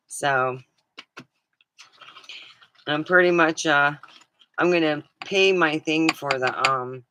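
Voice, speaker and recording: A woman's voice: low voice, drawn-out words, pauses often, noisy background. A woman livestreaming, chatting casually in a meandering way and swearing now and then. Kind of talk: casual rambling chat.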